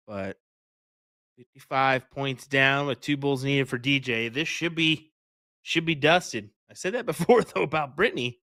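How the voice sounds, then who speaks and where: Dude doing darts color commentary, bright voice, dry close sound, laid-back. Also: male voice, mid-range voice, a little slow, no echo. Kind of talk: live sports commentary.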